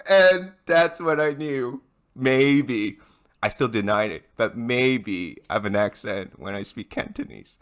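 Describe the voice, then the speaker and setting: Young male podcast host from Hong Kong, animated chatty storyteller, mid-pitched voice. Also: a little slow. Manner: animated storyteller, many restarts. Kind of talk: casual podcast chat.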